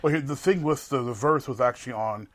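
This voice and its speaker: Enthusiastic man co-hosting a podcast. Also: mid-range voice. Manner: enthusiastic, quick repetitions. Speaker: podcast co-host. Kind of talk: casual chat.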